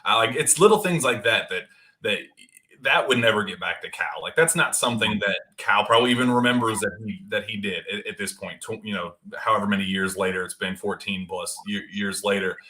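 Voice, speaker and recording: A lower-pitched man co-hosts a sports podcast, his voice bright and forceful. He speaks in a relaxed, reflective way and often lets his sentences trail off. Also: a little fast. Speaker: podcast co-host. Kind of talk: casual podcast chat.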